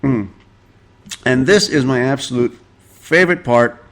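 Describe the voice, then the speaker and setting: A man's voice: medium pitch, measured pace. A man hosting a podcast, gossiping about celebrities with sarcastic, profane remarks and frequent chuckles. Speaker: podcast host. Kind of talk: casual celebrity gossip commentary.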